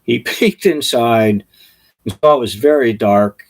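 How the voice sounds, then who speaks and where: A man preaching, telling funny illustrations with chuckles as an animated storyteller. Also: medium pitch, measured pace. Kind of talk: sermon illustrations, storytelling jokes.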